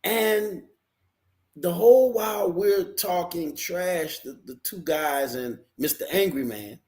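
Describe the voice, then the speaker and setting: A man co-hosting a podcast, telling a story in a lively way and acting out the people in it. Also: high voice, takes it slowly. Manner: lively, acts out voices in his story. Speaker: podcast co-host. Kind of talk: animated storytelling.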